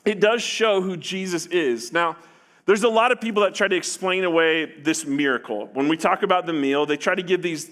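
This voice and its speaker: A man preaching to his church with a voice sitting high for a man. He speaks earnestly, often stumbling and restarting phrases, and acts out what the people in the story would say. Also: fairly bright tone. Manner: earnest, with repeated restarts and acted-out paraphrases. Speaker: pastor. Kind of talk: sermon.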